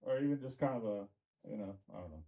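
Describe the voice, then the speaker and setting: A man's voice: lowish voice, lively intonation, quick pace, dull audio. A man from Tennessee doing a rambling stand-up comedy set in a comedy club, with crowd work and lots of fillers.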